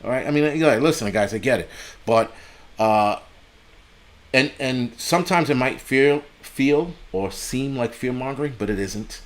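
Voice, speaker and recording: A middle-aged man from the United States hosting a casual live stream, rambling and swearing freely and breaking off to thank donors. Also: mid-range voice. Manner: profane, rambling, sidetracks to read donations.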